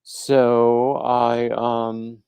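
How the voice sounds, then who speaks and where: A man hosting a casual crochet livestream, rambling and halting, with plenty of fillers and restarts, and greeting viewers by name as they arrive. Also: mid-range voice, monotone, darkish tone, smooth, dry recording. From coastal North Carolina.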